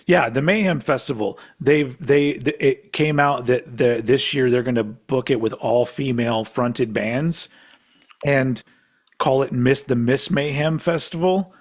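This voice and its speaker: Unhurried and mid-pitched, this man co-hosts a relaxed podcast, wandering into side topics, swearing without restraint and laughing a lot while he talks.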